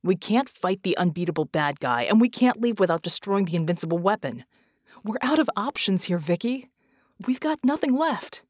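A woman's voice: lively intonation, no room sound, studio quality, close to an everyday voice. Woman voicing a grim red genie man. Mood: defeated. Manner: grim, low and measured. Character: male red genie with stretchy arms, steady and protective.

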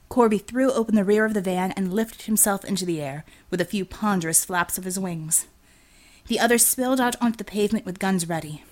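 A woman's voice: medium pitch, a little fast. Woman reading an audiobook. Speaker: audiobook narrator. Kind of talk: scripted narration.

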